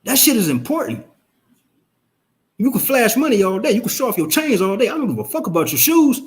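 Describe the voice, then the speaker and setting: A man ranting on a casual live stream, profane and emphatic, firing off rhetorical questions in quick rambling bursts. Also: very high voice, very animated. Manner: fast rambling outbursts.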